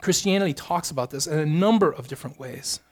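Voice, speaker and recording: Male pastor, fairly high voice, emphatic sermon delivery with repetition. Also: fast, darkish tone. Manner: earnest, emphatic preaching with repeated phrases.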